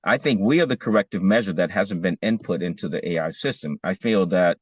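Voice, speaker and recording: A man's voice: sits low, brisk, breathy edge, dry recording, dull audio. A man in casual discussion as co-host, talking emphatically, his voice rising when he is stirred.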